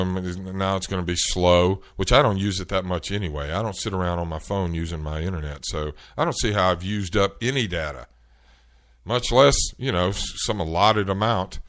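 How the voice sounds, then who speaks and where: A man hosting a show, telling an animated, exasperated story in casual chat. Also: low voice. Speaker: show host. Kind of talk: storytelling rant.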